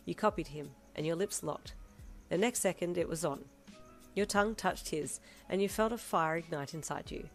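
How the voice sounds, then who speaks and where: A woman narrating a fan story in a steady storytelling read. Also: on the low side. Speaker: fanfiction reader.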